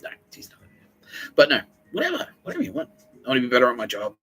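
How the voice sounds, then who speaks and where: A man's voice: medium pitch, wildly swooping pitch, quick pace, gravelly, fairly bright tone, a little hiss or hum, rough recording. A man hosting a comedy podcast, rambling through a jokey monologue and swearing heavily. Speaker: podcast host.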